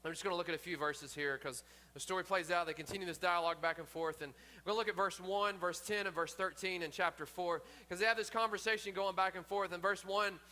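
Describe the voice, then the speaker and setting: A man's voice: high-pitched, fairly even intonation, fast, few pauses, sharp tone. A man pastor preaching a sermon in an earnest way, often repeating himself and restarting his sentences.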